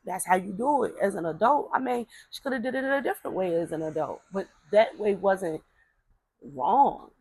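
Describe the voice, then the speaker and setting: A woman's voice: mid-range voice, animated, normal speed, darkish tone, husky, dry recording, low-quality recording. A woman speaking, telling a family story in casual talk, rambling with repeated words and fillers and acting out relatives' voices. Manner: acts out voices of relatives in quotes.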